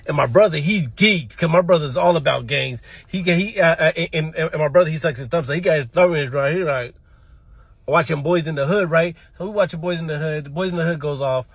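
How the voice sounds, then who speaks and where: A man's voice: on the high side, fairly quick, husky, dry recording. A man doing stand-up comedy, telling a story from his childhood, stammering and repeating words and laughing at his own tale.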